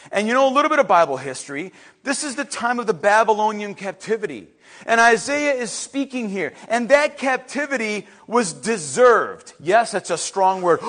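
A middle-aged man preaching a sermon with fervent, emphatic repetition, rising at times to shouts. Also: very high-pitched. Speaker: pastor.

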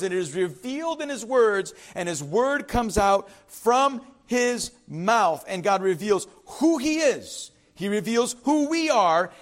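A man preaching a sermon as pastor, emphatic and repetitive, with frequent "right?" asides and shifts between loud declarations and quiet confiding remarks. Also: sits high.

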